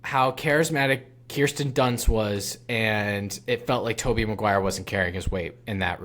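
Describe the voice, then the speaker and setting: A man's voice: on the low side, moderate pace, a bit bright. A man co-hosting a movie podcast, talking casually and hesitantly with frequent restarts. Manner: hesitant, stumbling. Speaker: podcast co-host.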